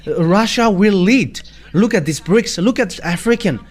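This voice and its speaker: A man with a Malagasy accent preaching a sermon in halting English, full of fillers and restarts. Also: high voice, animated.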